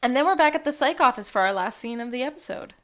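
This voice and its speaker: A woman's voice: sits high, lively intonation, fast talker. A woman co-hosting a podcast, reading her notes aloud and quipping while recapping a TV episode. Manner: reads her notes aloud, playful quips. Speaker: podcast co-host. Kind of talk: casual chat recapping a TV episode.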